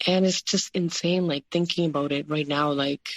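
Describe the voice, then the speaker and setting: A woman guest recounting a personal story in an interview, halting and filling her talk with "like" and "you know". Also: low-pitched, steady tone, no echo.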